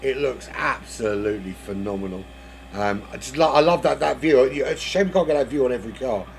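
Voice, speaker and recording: A man's voice: mid-range voice, brisk, creaky, a little hiss or hum. A man giving casual live commentary on a sim race, rambling and joking as he hosts the lobby. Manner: rambling, jokey, self-interrupting.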